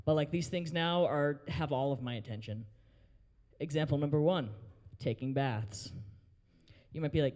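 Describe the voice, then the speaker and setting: A man's voice: fairly high pitch, normal speed, darkish tone, long reverb tail. A young man hosting an open mic, doing a crude stand-up set and working the crowd in a brewery. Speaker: open mic host and comedian. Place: brewery taproom, live audience.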